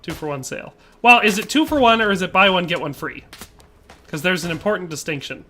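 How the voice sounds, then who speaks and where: A man's voice: high voice, expressive, brisk, bright, forceful tone, slight background noise. A man, chatting casually and rambling with jokes while streaming a game and reading chat aloud. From Wisconsin, USA.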